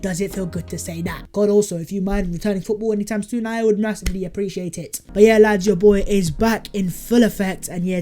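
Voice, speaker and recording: A young man, talking fast and hyped in a football fan vlog, calling his viewers lads. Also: sits high, dark tone. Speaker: football vlogger.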